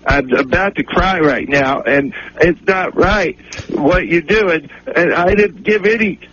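A man's voice: fairly high pitch, a little slow, a bit bright. A man playing a wronged wife, indignant. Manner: accusing, indignant. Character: man faking an upset wife on a call. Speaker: prank caller. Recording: noisy lo-fi radio broadcast.

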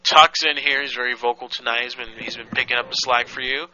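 A man's voice: mid-range voice, steady tone, fast, lo-fi sound, a crowd in the background. A man hosting a prank-call show in casual banter, teasing and laughing a lot.

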